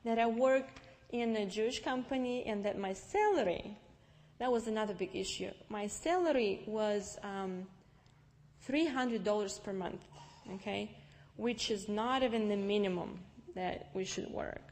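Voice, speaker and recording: A young woman with a Russian accent, Russian-speaking by birth, telling her personal faith story to an audience in a lively, storytelling way. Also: medium pitch, measured pace. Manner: lively storytelling with restarts and acted-out dialogue. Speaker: speaker giving testimony. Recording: long reverb from a large hall.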